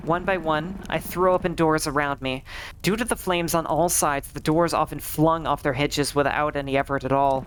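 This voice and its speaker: A woman streamer reading a visual novel aloud, acting its lines with shouts and swearing. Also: sits low, fairly even intonation, normal speed, slight background noise.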